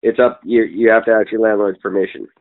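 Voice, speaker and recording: A man's voice: lowish voice, flat delivery, quick pace. Opinionated man on a tinny line. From Canada. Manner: opinionated, profane, rambling with many ums. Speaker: podcast co-host. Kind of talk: casual political chat. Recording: tinny phone-like sound.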